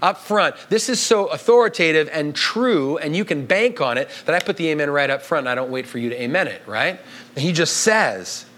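A man's voice: on the high side, animated, fairly quick, fairly bright tone. A man preaching a sermon to a congregation in an emphatic, conversational way, often checking in with the listeners. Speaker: pastor.

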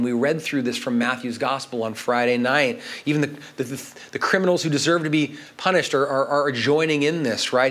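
A middle-aged man preaching a sermon, building to emphatic peaks and then dropping low and quiet. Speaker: pastor.

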